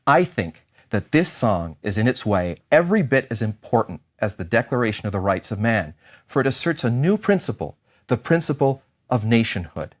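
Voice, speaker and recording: A middle-aged man lecturing on history. His delivery is animated and theatrical, and his pitch swings widely from high, emphatic peaks to low, quiet drops. He breaks off now and then for playful asides. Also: normal speed. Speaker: history professor. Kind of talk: university lecture.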